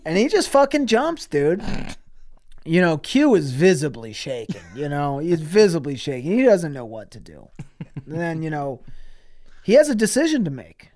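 A man's voice: fairly high pitch, big pitch swings, normal speed, darkish tone. A man co-hosting a comedy podcast, telling an absurd crude story while laughing through it. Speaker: podcast co-host. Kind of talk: improvised comic storytelling.

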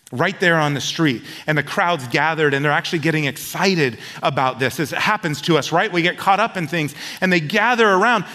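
A man preaching a sermon and telling a personal story, swinging from loud outbursts to hushed tones. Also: on the high side. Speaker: pastor. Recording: long hall reverb.

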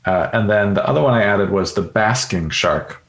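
A man with a lowish voice chats easygoingly on his podcast, dropping fillers and jokes as he goes. The sound has a noticeable room echo around it. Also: expressive, moderate pace. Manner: easygoing, jokey, many fillers. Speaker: podcast co-host. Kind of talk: casual podcast chat. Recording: roomy echo.

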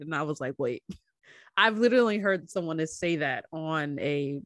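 A podcast co-host telling a story in animated casual chat with fillers. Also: mid-range voice, a little fast, dry recording, studio quality.

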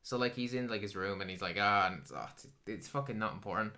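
Guy, podcast co-host, bright edge to the voice, exasperated and sweary film rant. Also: lowish voice, fast. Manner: swears a lot, ranting and exasperated. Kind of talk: casual film review chat.

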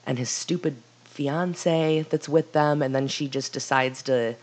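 A woman's voice: low voice, fairly even intonation, measured pace, darkish tone. A woman co-hosting a casual movie podcast, trading dry, sarcastic quips. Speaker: podcast co-host. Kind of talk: casual movie review chat.

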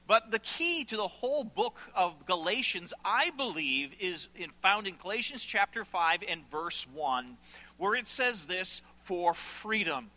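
A man's voice: high-pitched, sharp tone, low-quality recording. A middle-aged man, a pastor, preaching a sermon in a church auditorium with earnest, passionate emphasis.

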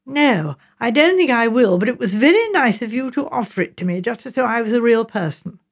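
A woman's voice: a little high, expressive, fairly quick. A woman voicing an awkward, frank teenage girl who talks bluntly and artlessly in an audiobook. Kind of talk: audiobook character reading.

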